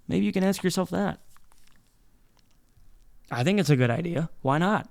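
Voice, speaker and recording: A man with a slightly high voice hosts a solo podcast from a studio set. He talks in a rambling, playful way, swearing freely and tripping over restarts as he lectures his listeners. His delivery is loose and conversational. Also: expressive, moderate pace, gravelly, pauses often. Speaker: podcast host. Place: indoor studio set with black background.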